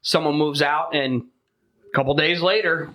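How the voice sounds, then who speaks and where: A man's voice: fairly high pitch, moderate pace. A young man co-hosting a podcast, talking casually about his work as a mail carrier, laughing often and telling stories with energy. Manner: laughs often, animated storytelling. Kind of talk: casual chat.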